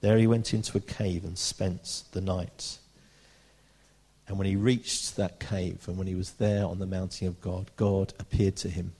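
A British man preaching a sermon, reading scripture aloud and slowing down for emphasis. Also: low-pitched, flat delivery, mellow, husky. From Britain. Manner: earnest, slows down for emphasis, reads scripture aloud.

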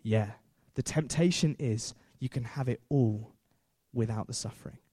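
A man's voice: mid-range voice, moderate pace, dark tone, husky, no room sound, studio quality. A man preaching a sermon in a chatty way, with self-deprecating jokes and frequent fillers.

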